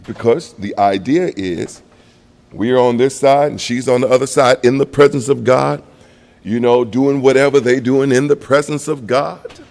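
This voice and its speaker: A preacher telling a story in a reverberant church. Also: male voice, fairly even intonation, measured pace, creaky. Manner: storytelling, rising to high emotional peaks then dropping quiet. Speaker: guest pastor. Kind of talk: preaching a sermon. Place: church sanctuary.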